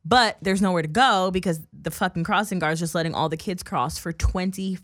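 A woman's voice: fairly low pitch, a bit bright, no room sound, studio quality. A young woman telling a heated story on a casual podcast, cursing freely. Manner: fast-talking. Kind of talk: casual chat.

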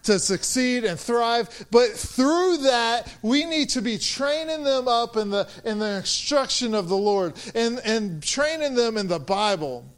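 A man's voice: extremely high pitch, expressive, a little slow, few pauses, clear, resonant tone. A man in his thirties giving a casual, conversational sermon full of personal stories, with restarts and light laughter.

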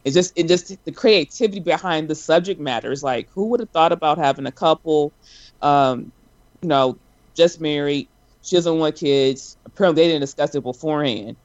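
A man co-hosting a casual chat about a TV show, animated and emphatic. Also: normal speed, no room sound, muffled recording. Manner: animated, acts out sobbing at a high pitch. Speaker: podcast co-host.

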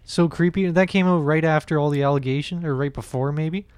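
A man's voice: fairly high pitch, fairly quick, a little mellow, smooth, no echo. A man co-hosting a comedy podcast, chatting casually, swearing and laughing easily. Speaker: podcast co-host.

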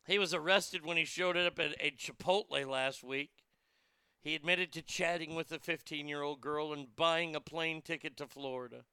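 A man's voice: a little high, fairly even intonation, moderate pace, sharp tone, clear, resonant tone, no echo, studio quality. A man working as a radio DJ, reading odd news and ranting about it in a sarcastic, crude, rambling way. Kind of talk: profane talk radio commentary.

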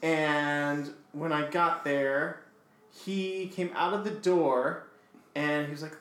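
A man's voice: on the high side, moderate pace. A man on a podcast telling a funny story in a casual way, laughing and acting out voices as he goes. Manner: animated, laughing, acts out voices in his stories. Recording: echoey room.

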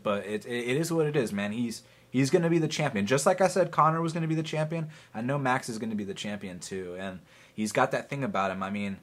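An excitable man chats about upcoming fights in a loose, profane podcast style. His voice sits at a middling pitch and he leans hard into his points, swearing freely as he argues his picks. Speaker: podcast co-host. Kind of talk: casual fight-betting chat.

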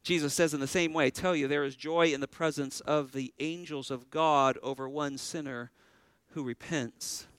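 A man's voice: a little high, steady tone, normal speed, few pauses, a bit bright, clean tone, no echo, low-quality recording. Guy pastor giving a sermon, dry close sound, earnest, keeps asking the crowd stuff. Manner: earnest, asks the congregation questions.

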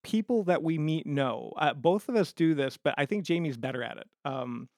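A man's voice: a little high, lively intonation, normal speed, a little mellow, dry recording. Dry-witted man podcast co-host. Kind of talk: casual chat.

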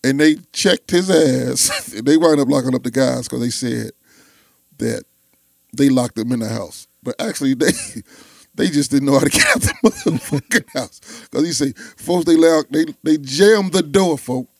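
Gravelly Chicago man telling stories. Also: medium pitch, expressive, moderate pace, dry recording. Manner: laughing storyteller, slangy, repeats himself. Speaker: podcast host. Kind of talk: casual chat.

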